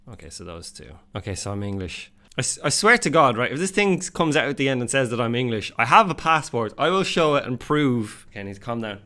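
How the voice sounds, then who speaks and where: A young man with an Irish accent chatting casually and reacting to a quiz, self-mocking and animated. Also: medium pitch, quick pace, few pauses. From Ireland. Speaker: YouTuber. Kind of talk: casual vlog commentary.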